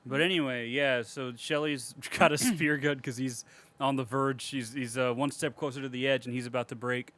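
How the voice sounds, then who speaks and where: A man's voice: mid-range voice, normal speed, few pauses. A man co-hosting a podcast, retelling a movie in casual chat with profane jokes and laughter. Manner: profane, joking, animated retelling. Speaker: podcast co-host.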